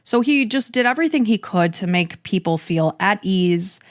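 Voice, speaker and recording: A woman's voice: mid-range voice, animated, moderate pace, no echo, clean studio sound. A woman hosting a true crime podcast, earnestly recounting events step by step. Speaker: podcast host.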